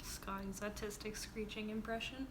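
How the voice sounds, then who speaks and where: A woman co-hosting a livestream who trades giggly, relaxed banter. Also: mid-range voice, normal speed, roomy sound, noisy background. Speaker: livestream co-host. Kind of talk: casual chat.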